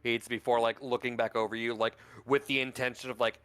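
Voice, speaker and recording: A man's voice: medium pitch, flat delivery, fairly quick, few pauses, fairly bright tone, clear, resonant tone. A man narrating a tabletop role-playing game as game master, rambling and full of fillers. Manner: rambling, filler-heavy, lots of "like".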